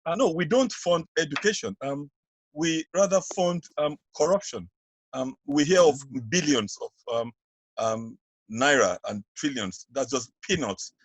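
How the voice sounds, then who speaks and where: A man from Nigeria joins a podcast as an educator. He speaks haltingly, stumbling and restarting words as he thinks. The recording is dry and close. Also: on the high side, animated, dry recording, low-quality recording. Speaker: educator guest. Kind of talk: casual discussion.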